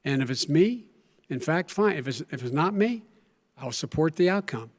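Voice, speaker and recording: Man arguing in a tv debate, kinda high voice, insistent. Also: animated, normal speed. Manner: emphatic, insistent. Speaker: debate candidate. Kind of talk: televised debate.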